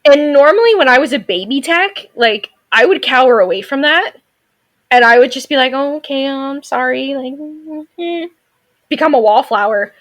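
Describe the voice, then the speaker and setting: A veterinary technician in her thirties, speaking in a high, expressive voice that's fairly quick with a fairly bright tone, shares stories on a casual podcast. The interview chat shows her sassy, outspoken side.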